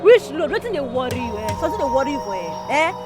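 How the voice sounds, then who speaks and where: An actress playing a sharp-tongued bus conductor, arguing loudly with a Nigerian accent. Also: female voice, high voice, very animated, fast. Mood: combative. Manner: loud, argumentative, mocking in Pidgin. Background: background music.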